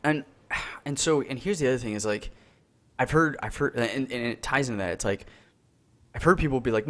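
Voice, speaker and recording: A man's voice: medium pitch, fairly quick, a bit bright. A man co-hosting a casual podcast over a call, talking earnestly in rambling runs with many restarts. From North America. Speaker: podcast co-host. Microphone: call recording.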